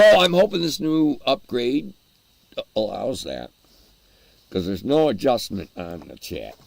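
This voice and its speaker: A man's voice: mid-range voice, very animated, a little slow, gravelly. A man hosting a casual livestream, rambling and chuckling as he answers his chat while eating. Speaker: livestream host.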